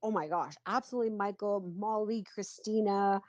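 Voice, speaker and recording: A woman co-hosting a podcast in a casual chat, steering the talk along in a relaxed way. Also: medium pitch, moderate pace, no room sound. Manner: relaxed, wraps up segments. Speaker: podcast co-host. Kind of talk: casual chat about a soap opera.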